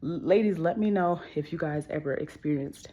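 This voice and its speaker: A woman telling a casual storytime vlog at home, animated and candid, swearing freely and acting out what people said. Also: low-pitched, moderate pace, highs cut off. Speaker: vlogger. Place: home with kids and cats around.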